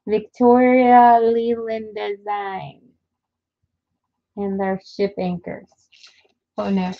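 A woman's voice: medium pitch, level tone, very slow, no echo. A woman hosting a casual live sale, chatting to viewers as she unboxes jewelry and counts items aloud. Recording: dull lo-fi audio with faint noise.

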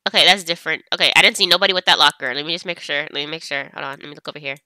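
A woman's voice: sits low, very fast, sharp tone, no room sound, clean studio sound. A young woman chatting casually as she plays a life-sim game, talking to her characters. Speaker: gameplay streamer. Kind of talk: casual gameplay commentary.

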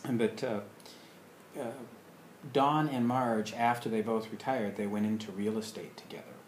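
Man, low voice, rambling casual storytelling, roomy recording with faint hiss. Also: fairly even intonation, a little mellow. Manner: rambling, many filler pauses. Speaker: alternative practice teacher.

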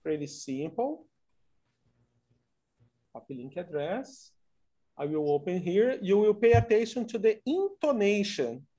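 A man teaching an online English conversation class, coaxing students along slowly with many fillers. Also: sits high, big pitch swings, mellow.

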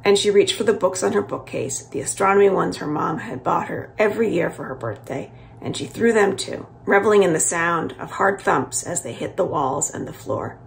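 A woman from a library series reading the first chapter of a children's novel aloud, calm and expressive. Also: on the low side, moderate pace, creaky, hardly any pauses, slight background noise. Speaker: library book reader.

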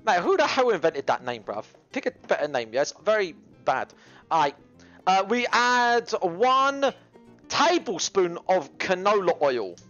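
A man livestreaming while he cooks, brash and rambling, his voice swinging to loud animated bursts. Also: sits high, measured pace, muffled recording, faint music behind. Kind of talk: casual cooking livestream chat. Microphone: GoPro camera mic.

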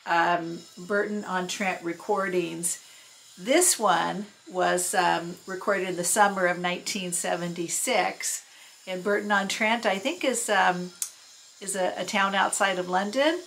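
A woman's voice: fairly even intonation, a little slow, vocal fry, a bit bright, slight background noise, rough recording. A woman in her sixties chatting casually in her tiki room at home, rambling and fond, with lots of fillers and restarts. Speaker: record collector. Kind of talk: casual chat. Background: record playing low on a stereo.

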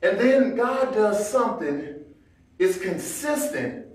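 A man's voice: sits high, animated, slow pace. Male pastor, conversational sermon delivery, acts out scenes; very echoey church, distant mic. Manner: conversational Black church preaching, acting out everyday scenes. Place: church sanctuary.

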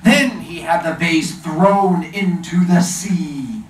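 A man voicing a grumpy, haughty giant male genie who speaks slowly and in archaic words, heard from a distant mic in a roomy space. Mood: grim. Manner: booming, slow and stately, archaic speech.

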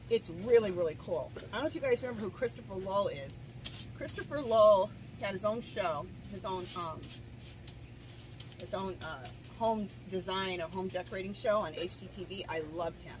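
Recorded with poor audio and slight background noise by a camera placed far off, a middle-aged woman with hiccups and a cough rambles through a DIY garden tutorial outdoors. She vlogs in a medium-pitched voice with lively intonation at normal speed, chatting away with frequent restarts and asides.

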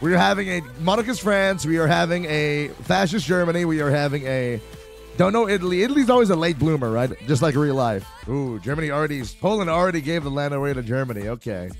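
Give me an excitable young man narrating his strategy game, lively and a bit higher pitched. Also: fast, creaky, faint music behind. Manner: excitable, swearing, talks to chat. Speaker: streamer playing a strategy game. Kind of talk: casual gameplay commentary.

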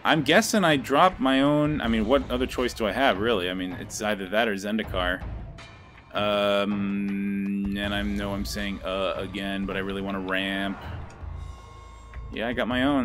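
A man's voice: on the low side, steady tone, moderate pace, a bit bright. Frustrated young man ranting over gameplay. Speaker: gameplay video creator. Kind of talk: live card-game commentary. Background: faint background music.

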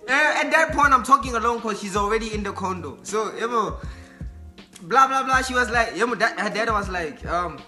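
A young man talks in a high, loose voice, full of slang and filler words as he chats and rambles. Music plays clearly under him. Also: a little fast. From South Africa. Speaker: YouTuber host. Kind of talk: casual chat and prank call.

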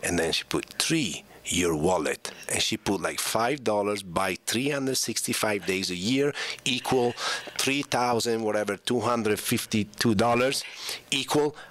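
A man's voice: fairly low pitch, moderate pace, a bit bright. Man telling a story. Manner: playful storyteller. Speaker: guest. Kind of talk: casual chat.

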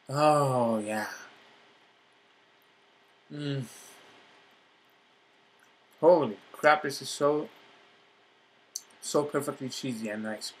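A man eating on camera in a casual vlog, excited about his food, talking with his mouth full between lots of appreciative mm sounds. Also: medium pitch, slightly rough. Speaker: vlogger.

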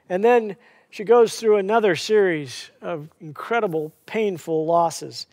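High-voiced man preaching a sermon. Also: big-room sound. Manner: storytelling preacher, rhetorical questions to the congregation. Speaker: pastor.

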